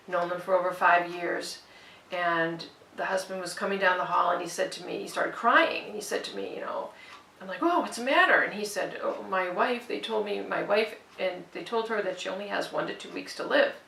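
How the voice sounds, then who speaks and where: A woman's voice: lowish voice, vocal fry, bright, forceful tone, a little hiss or hum. A woman who works at a clinic, giving a heartfelt speech in an earnest way, repeating herself and quoting what people said. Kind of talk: heartfelt personal storytelling speech. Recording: echoey room, voice from a distance.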